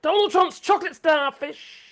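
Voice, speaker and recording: A woman hosting a live stream in rambling chat, excitable, swearing freely and laughing a lot. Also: very high-pitched, moderate pace.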